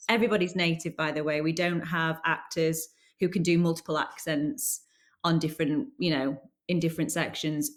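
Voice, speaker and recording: A woman guest on a podcast with a slightly low voice. She talks about her work in an enthusiastic, chatty way, with easy casual interview pacing. She sounds keen and open throughout. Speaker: guest, actor and company founder.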